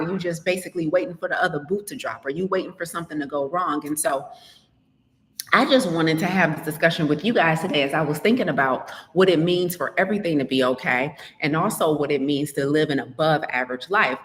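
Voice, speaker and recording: Woman coach doing a live podcast talk, low-ish voice, chatty, lots of reverb. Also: fairly quick, a bit bright. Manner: chatty, conversational, addresses listeners as y'all. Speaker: health and business coach, podcast host. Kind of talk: live podcast keynote, casual talk to listeners.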